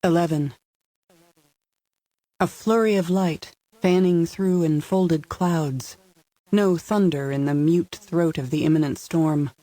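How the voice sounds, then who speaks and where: A man reading a thriller audiobook aloud in an even, measured scripted narration. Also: on the high side, dry recording.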